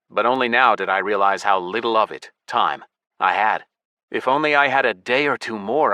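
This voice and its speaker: An audiobook narrator, a man, reads a first-person adventure in a steady, measured manner. His bright, mid-pitched voice is recorded on a close studio mic, dry with no room sound or echo.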